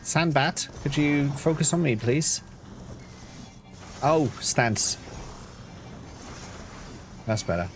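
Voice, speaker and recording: A man's voice: fairly high pitch, very slow, pauses often, slight background noise. A man streaming a video game, chatting casually, reading out and answering chat with playful asides. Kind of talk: casual live-stream chat while gaming.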